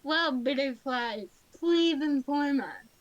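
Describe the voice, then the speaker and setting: Slow-talking woman streamer, high voice. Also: dry recording, dull audio. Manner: playful, whiny mock-crying. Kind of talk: casual stream chat while gaming and drawing.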